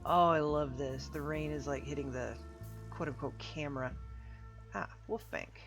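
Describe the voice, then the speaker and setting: A man's voice: fairly high pitch, normal speed, a bit bright, soft background music. A man commenting casually while playing a story game on a live stream.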